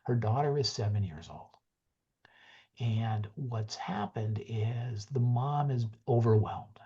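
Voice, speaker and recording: A man presenting a webinar, closing with an earnest, gentle story and dropping into soft hushed passages. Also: mid-range voice, slow, breathy edge, lo-fi sound. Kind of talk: heartfelt closing talk with a story.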